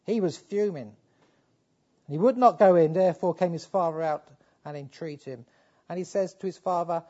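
A man preaching with a high voice that is dark and husky in tone. He pleads with his listeners, swinging from fervent appeals down to quiet, low passages. The recording sounds muffled and lo-fi. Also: moderate pace. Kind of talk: sermon.

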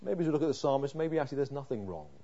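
A man preaching a sermon, reading scripture aloud and voicing the psalmist's prayers, moving from hushed pleading to loud, impassioned emphasis. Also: mid-range voice, lively intonation, very fast, slightly rough, highs cut off.

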